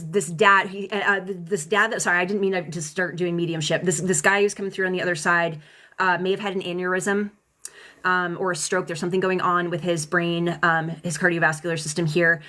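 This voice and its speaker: A young woman with a slightly low voice reads tarot on a live stream from home. She talks in an emotional, rambling way, restarting her sentences and swearing casually as she goes. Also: a bit bright. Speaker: tarot reader. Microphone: phone or webcam mic.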